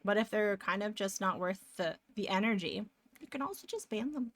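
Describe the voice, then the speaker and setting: A woman's voice: mid-range voice, lively intonation, moderate pace, slight background noise. A young woman streamer chatting casually with viewers in a rambling way, eating between sentences, close to a desk microphone. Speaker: live streamer.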